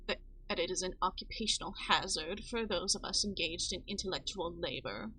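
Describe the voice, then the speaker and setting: A haughty young female botanist, played by a woman reading a game aloud, pompous and scornful, her put-on accent wandering as she goes. She talks at a mid pitch with a little faint hiss behind her. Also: pushed and bright, low-quality recording.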